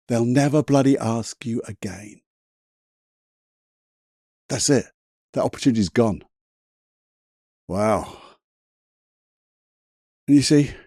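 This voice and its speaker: A man talks through a solo motivational podcast in a chatty, emphatic way, his voice husky and mellow. His pitch rises and falls a lot as he drives a point home. The sound is close and dry, with no room around it. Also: dry recording. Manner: chatty, emphatic, swears casually, laughs at himself. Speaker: podcast host.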